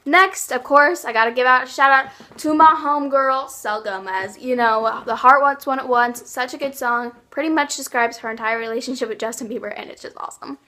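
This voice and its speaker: A woman's voice: sits high, brisk, hardly any pauses, pushed and bright. Bubbly, gushing young woman. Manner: gushing, bubbly, lots of likes and ums. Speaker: YouTube vlogger. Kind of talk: casual favorites vlog.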